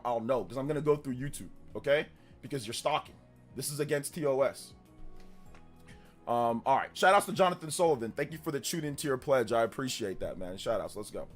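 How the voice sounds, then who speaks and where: A man hosting a casual livestream, ranting in exasperation about a troll and then apologizing. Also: mid-range voice. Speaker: livestream host.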